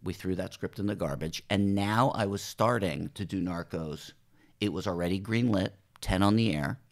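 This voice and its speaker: Low gravelly-voiced man telling stories. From New Jersey, USA. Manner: animated storyteller acting out quoted dialogue, swears casually. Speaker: television writer and showrunner, podcast guest. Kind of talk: conversational interview storytelling.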